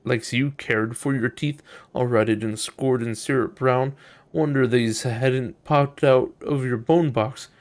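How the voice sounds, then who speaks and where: A man's voice: mid-range voice, fairly even intonation, slow, lightly acted. A man voicing an elderly, sour, batty woman who mutters to herself in a sing-song way. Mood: muttering.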